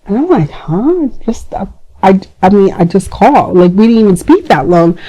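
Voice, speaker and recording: A young adult woman hosting a podcast, giving advice in a casual, chatty way with lively acted-out quotes. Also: medium pitch, a little fast, low-quality recording. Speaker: podcast host.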